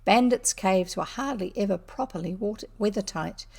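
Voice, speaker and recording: A woman reading a classic children's novel aloud in a lively, unhurried way, with a few slips. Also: mid-range voice, gravelly, breathy edge. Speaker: audiobook reader. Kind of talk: storybook narration.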